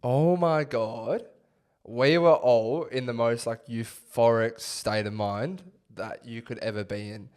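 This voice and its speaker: A man's voice: mid-range voice, takes it slowly, smooth. A young Australian man co-hosting a podcast, telling stories in casual chat with frequent laughter. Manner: animated storyteller, laughs often. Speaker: podcast co-host.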